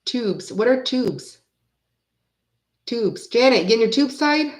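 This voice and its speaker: A woman's voice: fairly high pitch, lively intonation, slow pace. A woman in her forties, hosting a card reading stream and chatting casually with viewers, rambling through stories and laughing often. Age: 40s. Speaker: tarot reading host. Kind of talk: casual livestream chat with viewers. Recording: roomy echo.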